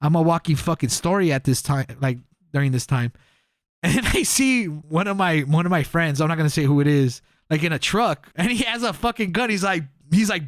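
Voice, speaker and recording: Recorded dry at studio quality, a young man co-hosting a podcast speaks a little fast in a slightly high voice. His casual story rambles, thick with fillers and swearing, and he acts out quotes along the way.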